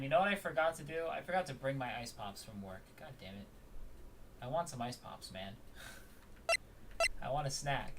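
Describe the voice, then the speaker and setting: A man's voice: mid-range voice, far from the mic, slight background noise. A man chatting casually while streaming a story game, rambling with plenty of ums and the odd curse. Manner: rambling, lots of ums and swearing. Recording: loud game music, voice off-mic.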